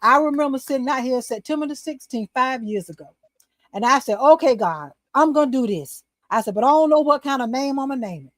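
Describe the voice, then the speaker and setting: An older woman with a slightly high voice tells a story in a lively, animated way at a fairly quick pace. She's a talk show host or guest in casual conversation, recorded close and dry with no room echo.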